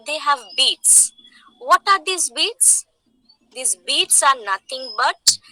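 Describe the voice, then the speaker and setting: Slow, bright-voiced Indian English teacher. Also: female voice, high-pitched, dry recording, low-quality recording. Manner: explains slowly, repeats points, asks the class questions. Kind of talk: online lecture.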